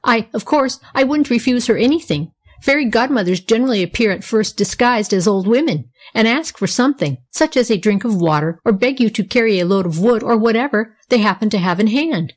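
A woman voicing a dreamy, eager little girl with a wistful, excitable manner. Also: a little high, a little fast.

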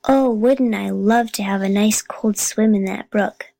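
A woman's voice: mid-range voice, a little slow, creaky, warm tone, no room sound. A woman reading the lines of a hardworking teenage boy in a storybook reading. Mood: earnest.

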